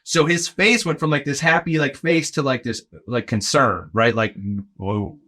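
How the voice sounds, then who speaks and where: A bright, forceful man's voice, middle-aged, spinning a story for a podcast host. He jumps into the voices of the people in his tale and keeps checking in with "right?" as he goes. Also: mid-range voice, moderate pace. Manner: animated, acts out quoted voices, lots of "like" and "right?". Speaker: podcast guest, arena in-game host. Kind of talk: casual anecdote telling.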